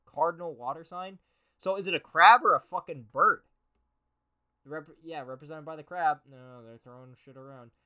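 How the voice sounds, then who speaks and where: Bright-voiced sarcastic young man ranting. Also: medium pitch. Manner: profane, sarcastic, mocking reading aloud. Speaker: podcast host. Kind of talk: casual comedic commentary.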